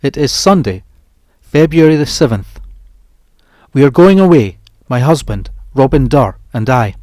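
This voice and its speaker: A man narrating a horror story as an audiobook, reading in a dramatic, expressive way that slows down and rises for the tense moments. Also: mid-range voice, dry recording.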